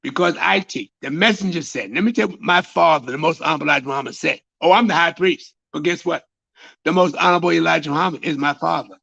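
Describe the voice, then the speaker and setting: A man preaching as a high priest, repeating phrases and building to shouts, on a dull lo-fi recording. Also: fast, vocal fry. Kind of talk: sermon.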